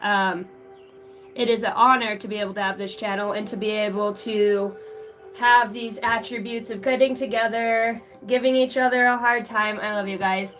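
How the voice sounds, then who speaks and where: A woman's voice: mid-range voice, fairly even intonation, moderate pace, a bit bright, soft background music. A woman with an American country accent hosting a casual psychic live stream, chatty and profane, greeting viewers in the chat by name.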